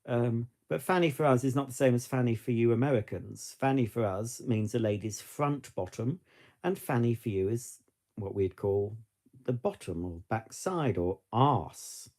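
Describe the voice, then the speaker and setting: A middle-aged British vlogger talks casually to the camera in English with a British accent, rambling along with frequent restarts and asides. His mid-range voice is a little mellow and moves at a moderate pace.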